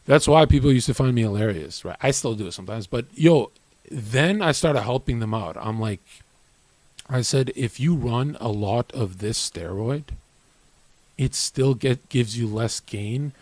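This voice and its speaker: A man's voice: mid-range voice, normal speed, dry recording. Brash, profane young man streaming. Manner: brash, profane and boastful, often mimics other people. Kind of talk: casual monologue to viewers.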